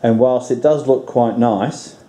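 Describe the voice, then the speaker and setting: A man hosting a do-it-yourself channel, sounding nasal and congested from illness, explaining his work in a relaxed, plain-spoken, practical way. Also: mid-range voice, unhurried. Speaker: DIY channel host. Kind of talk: casual how-to explanation.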